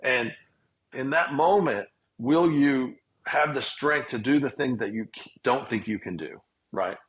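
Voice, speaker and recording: A man, speaking as a guest in an interview. He tells his stories at length and wanders between them, pointing out his own long-windedness. His voice sits at an ordinary middle pitch. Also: measured pace, low-quality recording. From Southern United States. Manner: rambling, self-aware storyteller. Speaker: guest, healthcare entrepreneur and investor. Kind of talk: storytelling interview.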